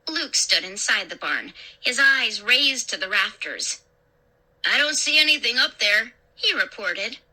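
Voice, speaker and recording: A woman storyteller reading a first-person horror story in a dramatic, expressive way. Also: medium pitch. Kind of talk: scripted horror story narration.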